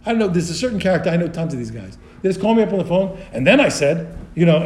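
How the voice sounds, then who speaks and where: Animated male teacher in a roomy space. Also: sits high, quick pace, few pauses. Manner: thinking aloud, many restarts, animated. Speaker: Torah teacher. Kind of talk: text study lesson.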